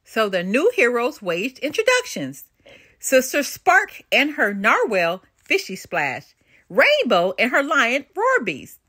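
Older woman, animated and bright storyteller. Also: fairly high pitch, slow pace, no room sound, studio quality. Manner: expressive and animated. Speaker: storybook reader. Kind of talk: children's read-aloud narration.

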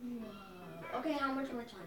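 A woman playing along in a gameplay video, blurting short excitable replies. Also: fairly high pitch, unhurried. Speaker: co-player. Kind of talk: casual gameplay chat. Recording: distant, roomy, loud game music.

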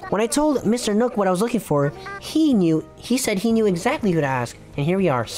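A man's voice: very animated, a little fast, a little mellow, faint music behind. A man voicing a cheerful young female otter office manager while reading game dialogue aloud. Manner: bubbly, businesslike sales pitch.

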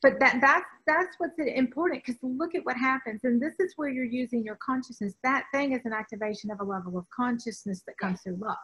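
A woman's voice: a little high, a little fast, few pauses, fairly bright tone, low-quality recording. A woman from the US South, a spiritual teacher, talking with emphasis in a rambling way, often restarting her sentences. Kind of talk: spiritual talk in conversation.

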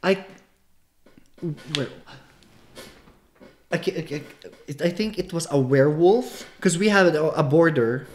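A man's voice: on the high side, measured pace, pauses often, a little mellow. Filipino man answering casually. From Philippines. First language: Tagalog. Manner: hesitant, many restarts, laughs easily. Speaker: guest.

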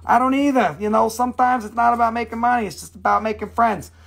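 Guy hawking rocks on a live stream, kinda high voice, rambles and jokes and swears nonstop. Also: fairly even intonation, quick pace, vocal fry, a bit bright. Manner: rambling, jokey, profane, self-described nonstop talker. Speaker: rock shop seller on a live sales stream. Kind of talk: live-stream sales chat.

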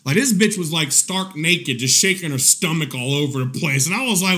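A man's voice: a little high, expressive, moderate pace, hardly any pauses, pushed and bright. A man hosting a live stream, talking in a casual, rambling way, swearing and repeating himself, often breaking into laughter. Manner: profane, repetitive, laughs often. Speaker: live-stream commentary host.

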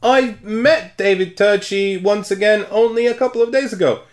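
A man's voice: sits high, moderate pace. A man co-hosting a board game podcast, explaining games in casual chat. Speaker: podcast co-host.

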